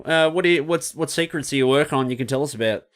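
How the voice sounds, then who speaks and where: A man with an Australian accent hosting a casual podcast chat, joking around and slipping into quick silly voices. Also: a little high. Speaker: podcast host.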